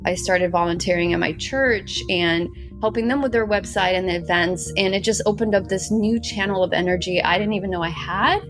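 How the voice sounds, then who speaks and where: A woman's voice: medium pitch, a little fast, hardly any pauses, music in the background. A woman from Ukraine, a guest entrepreneur on a podcast, talking earnestly and emphatically, stringing her clauses together. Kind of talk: podcast interview.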